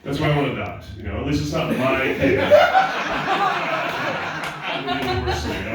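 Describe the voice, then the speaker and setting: A young man doing a crude, rambling, self-mocking stand-up set at a comedy show. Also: mid-range voice. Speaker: stand-up comic. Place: comedy club stage. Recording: echoey room, far from mic, noisy.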